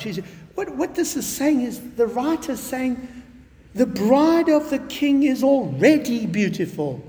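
A man preacher delivering a sermon in an emphatic, animated way, with casual conversational asides. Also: very high voice, measured pace. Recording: long reverb of a large hall.

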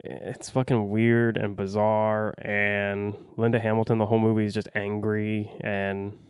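A man's voice: lowish voice, flat delivery, measured pace, clean tone, dry recording, clean studio sound. A man giving a casual, rambling movie review, blunt and profane, full of fillers and restarts.

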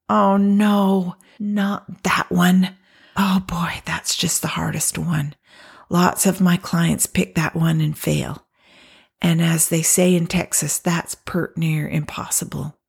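A woman counselor telling a client story in a soft storytelling talk, often dropping to a near-whisper when quoting people. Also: on the low side, vocal fry, slightly rough.

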